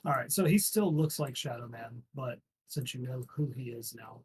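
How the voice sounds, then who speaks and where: A man narrating as game master in a relaxed way, with many fillers. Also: medium pitch, moderate pace, distant mic, slight background noise.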